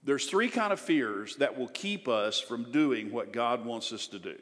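A male pastor delivering an animated sermon, acting out people's doubting inner voices. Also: mid-range voice, unhurried. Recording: long hall reverb.

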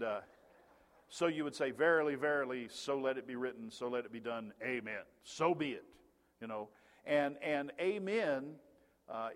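A man preaching a sermon as pastor of a large church, talking conversationally with asides and fillers. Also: medium pitch. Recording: long reverb of a large hall.

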